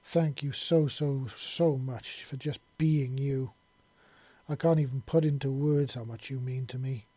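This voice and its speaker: A man voicing a horned, passionate young female lover who speaks softly and emotionally. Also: medium pitch, fairly even intonation, unhurried, husky, no echo.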